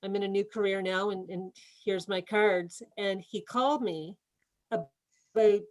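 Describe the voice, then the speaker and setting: A woman's voice: medium pitch, fairly even intonation, measured pace, poor audio. A woman real estate agent on a video call, telling an earnest personal story in a training session. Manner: earnest storytelling, emotional at times. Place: home office.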